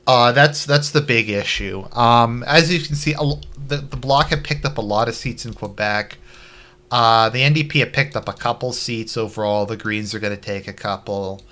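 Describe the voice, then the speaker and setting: A man's voice: mid-range voice, normal speed, bright, forceful tone. A man from Canada giving blunt, casual live commentary as a streamer, with offhand and profane asides.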